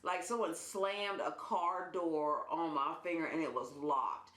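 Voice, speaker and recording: A woman vlogger telling a personal story in a casual, animated way, laughing as she goes. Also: low voice, unhurried. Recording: roomy indoor echo.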